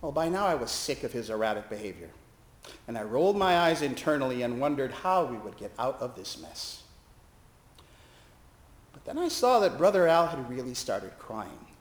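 A man's voice: medium pitch, normal speed, roomy sound. A male pastor preaching a sermon, telling a hospital story and acting out the voices in it. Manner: expressive, acting out quoted voices. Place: church sanctuary.

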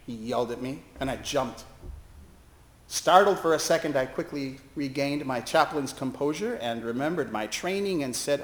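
A man's voice: mid-range voice, normal speed, echoey room. A man, a chaplain, telling a personal story as a monologue with wry, self-deprecating humor. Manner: self-deprecating, wry, lively delivery with laughs.

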